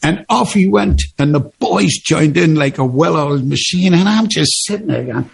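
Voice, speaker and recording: A singer in his seventies with a Geordie accent tells stories during an interview in a chatty, rambling way, often laughing. His voice is a little high, with vocal fry and a breathy edge, at a moderate pace, with soft music in the background.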